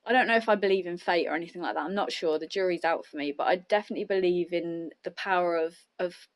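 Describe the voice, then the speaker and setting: A woman's voice: lowish voice, quick pace. A woman hosting a podcast, chatting reflectively in a rambling way with many restarts. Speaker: podcast host. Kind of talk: casual chat.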